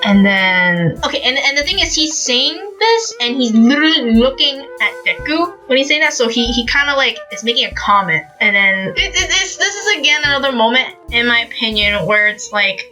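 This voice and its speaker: A woman's voice: on the high side, animated, moderate pace, hardly any pauses, bright, forceful tone, faint music behind, low-quality recording. A young woman hosting a podcast, recapping a manga in casual, rambling chat full of fillers and acted-out quotes. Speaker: podcast host.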